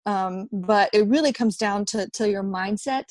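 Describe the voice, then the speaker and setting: A woman's voice: medium pitch, a little slow, a little mellow, no echo. A woman in her thirties, a podcast guest, talking earnestly in a conversational interview and often repeating words as she thinks. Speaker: podcast guest, app founder.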